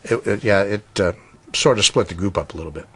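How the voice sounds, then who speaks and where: A man interviewed for a documentary, recalling the past in a halting, reflective way. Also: lowish voice, breathy edge.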